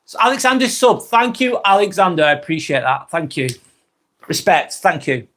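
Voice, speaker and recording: Northern English male live-streamer, slightly high voice, chatty and blunt, repeats himself. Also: sing-song, normal speed, fairly bright tone. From England. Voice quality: blunt, swears freely. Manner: chatty, repeats points, thanks viewers. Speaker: live vlog host. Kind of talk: casual live-stream talk.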